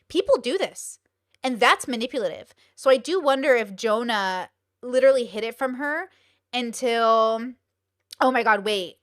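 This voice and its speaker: A young woman hosting a live stream, talking bluntly with lots of swearing and rapid rhetorical questions. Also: a little high, a bit bright, dry recording, studio quality. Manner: blunt, profane and exclaiming. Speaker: streamer host. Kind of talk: casual live-stream commentary.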